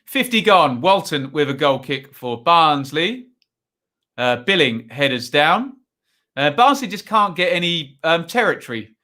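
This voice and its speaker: A man's voice: a little high, big pitch swings, measured pace, pushed and bright. A man hosting a live football watchalong, giving chatty, rambling commentary full of asides and tag questions. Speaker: watchalong host.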